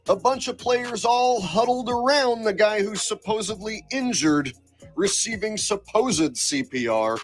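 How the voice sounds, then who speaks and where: Man, high voice, sarcastic and insistent, commentary vlog, faint music underneath. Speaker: online commentator.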